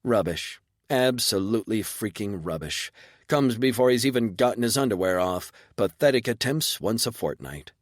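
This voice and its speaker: A man's voice: on the low side, lively intonation, moderate pace, dry recording, natural voice. Brief: haughty spider lady, tense and unimpressed, dry close voice; male narrator. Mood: cool. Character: cold, haughty spider-woman noble.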